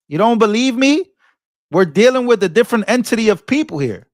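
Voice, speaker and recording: A man with a notably high speaking voice hosts his own political commentary vlog. He talks in a heated, off-the-cuff way, tripping over and repeating words, and breaks into preacher-like rebukes. The sound is close and dry with no room echo. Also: lively intonation, brisk. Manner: repeats and restarts words, sermon-like "I rebuke" outbursts. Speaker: political commentator and channel host. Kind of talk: impassioned casual political commentary.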